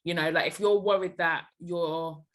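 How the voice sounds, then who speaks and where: A young woman appears as a podcast guest in a casual chat, giving blunt, emphatic advice with animated reactions. Her voice is on the low side and she talks at a normal speed.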